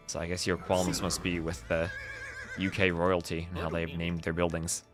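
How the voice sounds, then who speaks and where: Live-streaming commentary on a strategy game comes from a young man from New Jersey, his accent clear, his low voice fairly bright but completely flat at normal speed. Between play calls he chats with viewers, responding to chat and laughing a lot, over background game music.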